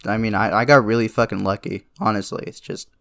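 A young man who immigrated to Canada young co-hosts a podcast, chatting casually late at night, rambling, swearing freely, and laughing often. His voice is lowish with vocal fry and a fairly bright tone, steady and quick.

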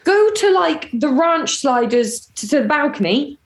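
A woman's voice: high-pitched, a little slow, roomy sound. A young woman telling family stories in casual chat, acting out what people said. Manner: animated storytelling, acting out quotes.

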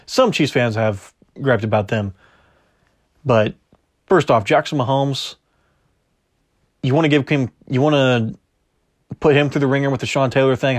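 A man hosting a casual sports podcast, opinionated and arguing back and forth with himself. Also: medium pitch. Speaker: podcast host.

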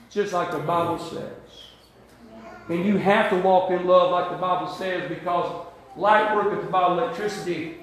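A male pastor preaching a sermon, repeating words and building to shouts. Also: high-pitched, a little hiss or hum. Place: church sanctuary. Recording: very echoey church hall.

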